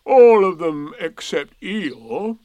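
A man's voice: sits high, lively intonation, mellow, no room sound. A man doing Eeyore, a gloomy old donkey. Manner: slow, mournful, sarcastic. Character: gloomy old male donkey, self-pitying. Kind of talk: storybook reading.

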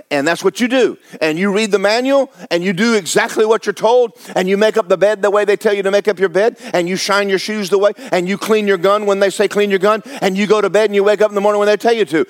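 A man's voice: high voice, quick pace, few pauses, no room sound. Man, pastor, blunt exhorting sermon, dry close sound. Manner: blunt, exhorting, rhetorical questions to the congregation.

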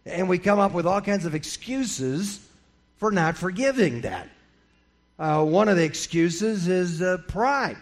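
A middle-aged male pastor preaching a sermon in an animated way, acting out the voices of the people in his stories. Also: high voice, a little slow. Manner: animated, acts out quoted voices.

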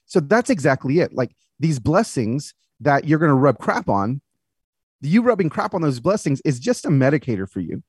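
A man in his late thirties tells a personal story as a podcast guest. His voice is slightly husky and swings widely in pitch. He acts out the people he quotes, and the recording is dry and close. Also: big pitch swings, moderate pace, a little mellow, dry recording. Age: 30s.

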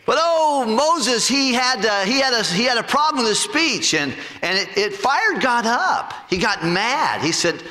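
A man preaching a sermon with animated storytelling, acting out voices and jokes. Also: high-pitched, measured pace, big-room sound. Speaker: pastor.

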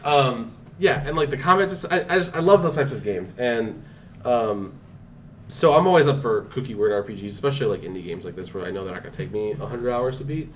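A man's voice: mid-range voice, fast talker, far from the mic, a little hiss or hum. A young man co-hosting a podcast, chatting casually and animatedly, cursing often and filling with "like". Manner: animated, swears a lot, many fillers. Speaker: podcast co-host. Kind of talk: casual chat.

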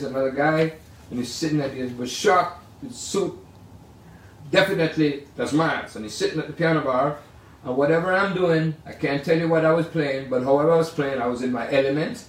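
An older man, a jazz pianist, telling rambling, animated stories in a casual way. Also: fairly high pitch, slight background noise. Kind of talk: casual storytelling. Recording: roomy sound from far off.

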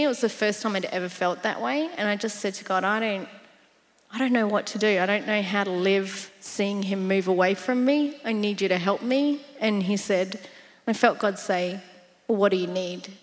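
A woman tells her story in a relaxed interview, lively and laughing often, acting out voices as she goes. Her voice sits in a middle register. It rings with a long hall reverb. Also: medium pitch. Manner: animated storyteller, laughs often, acts out quotes. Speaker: interview guest. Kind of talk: casual faith story interview.

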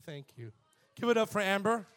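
High, bright-voiced man preaching a sermon. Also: normal speed, a faint crowd. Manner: animated, builds to shouting, leads call-and-response with the congregation. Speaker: pastor. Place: church before a live congregation.

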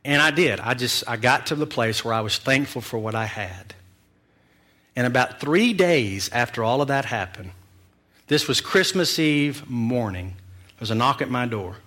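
Male pastor, sermon storyteller; bright, punchy tone, animated and self-mocking. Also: medium pitch, normal speed.

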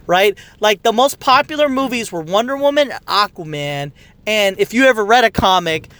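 A man's voice: sits high, expressive, normal speed, bright, forceful tone, clean tone. A man in his thirties giving a casual, profane, rambling movie review as a rant.

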